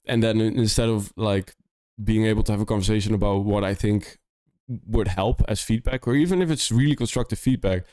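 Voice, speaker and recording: Young Dutch-accented male streamer, lowish smooth voice, casual and rambling, close dry mic. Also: a little fast, darkish tone, no room sound. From Netherlands. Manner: rambling, full of "like" and restarts. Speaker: music producer streamer reviewing demos. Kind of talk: casual live-stream chat.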